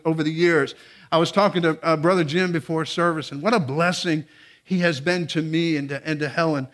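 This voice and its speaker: A man's voice: high voice, a bit bright. A man preaching a sermon to a church congregation, conversational and earnest, often restarting his sentences and building to emphatic appeals. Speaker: guest preacher. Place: church sanctuary.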